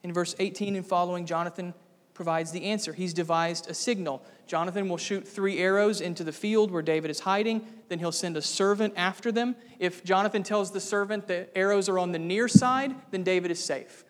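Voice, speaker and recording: A man preaching an expository sermon as pastor, emphatic, with sudden dramatic rises in pitch and volume. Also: fairly quick. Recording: long hall reverb.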